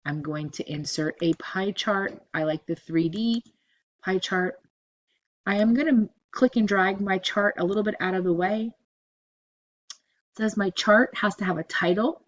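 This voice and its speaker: A woman teaching a spreadsheet lesson over a screen recording, giving steady step-by-step instructions and repeating cell ranges as she goes. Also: medium pitch, unhurried, muffled recording. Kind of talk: screen-recorded software tutorial.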